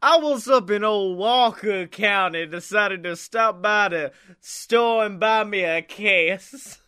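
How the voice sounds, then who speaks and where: A man's voice: high-pitched, slow, sharp tone, clean tone, no echo, clean studio sound, pitched above the performer's own voice, exaggerated voice. A man putting on a rural Southern man with an exaggerated Southern US drawl. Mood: mocking.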